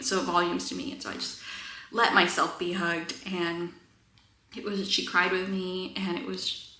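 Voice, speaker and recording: Candid woman vlogger, bright voice. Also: mid-range voice, echoey room. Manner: candid, earnest, frequent fillers and soft laughs. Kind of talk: personal talk to camera.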